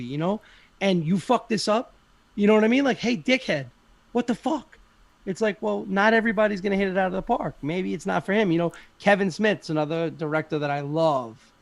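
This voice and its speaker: A man's voice: high-pitched, quick pace, creaky, dry recording. A man chatting casually on a podcast, rambling with lots of fillers and frequent swearing. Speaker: podcast participant.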